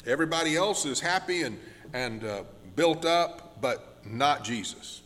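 A man preaching a sermon as pastor, earnest and slowing down on key words, with frequent restarts. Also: a little high, animated, a bit bright, long reverb tail. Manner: earnest, slows down for emphasis with many restarts.

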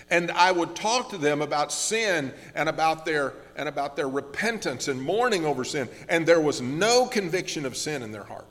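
A man preaching a sermon as pastor, earnest and slowing down on key words, with frequent restarts. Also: a little high, animated, a bit bright, in a large hall. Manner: earnest, slows down for emphasis with many restarts.

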